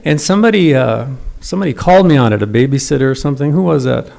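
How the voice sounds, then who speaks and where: A man's voice: medium pitch, lively intonation, fast talker, creaky, a little mellow. A middle-aged man giving a eulogy for his father, telling wry, self-deprecating stories at a memorial service. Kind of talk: memorial eulogy with humorous anecdotes.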